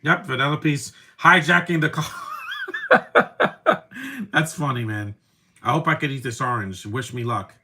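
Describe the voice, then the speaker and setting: A man's voice: mid-range voice, expressive, moderate pace, sharp tone. A man giving casual live commentary over a movie, rambling from one opinionated aside to the next.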